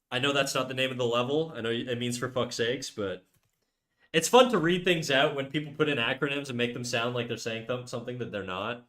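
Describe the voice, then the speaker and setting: A man's voice: medium pitch, brisk, a bit bright. A young man chatting casually on a live stream, joking crudely and rambling with frequent restarts. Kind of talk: casual livestream chat. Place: home room.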